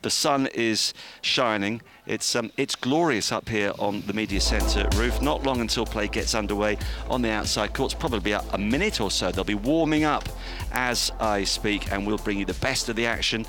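Man hosting live radio, slightly low. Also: moderate pace, hardly any pauses, music in the background. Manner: jokey, bantering. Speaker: radio host. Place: outdoor media centre roof.

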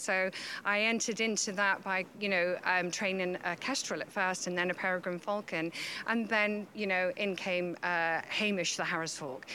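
A woman who works as a falconer, answering interview questions casually and haltingly, with many fillers and restarts. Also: medium pitch, pushed and bright, slight background noise. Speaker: falconer handling a hawk.

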